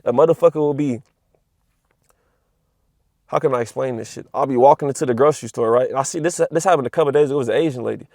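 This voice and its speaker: Young guy ranting fast to camera, cussing a lot, slangy, dry close sound. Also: medium pitch, darkish tone, dry recording. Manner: profane, repetitive, street slang, says "you know what I'm saying" often. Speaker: spiritual vlogger. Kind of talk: casual rant to camera.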